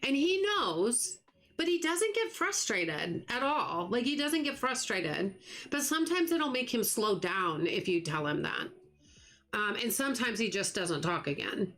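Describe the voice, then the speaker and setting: A middle-aged woman from the United States talks straight to her live-stream viewers in a casual, earnest way. Her voice sits a little high, and she often breaks off and restarts a thought. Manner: earnest, talks fast when excited, trails off and restarts. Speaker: livestream gaming host.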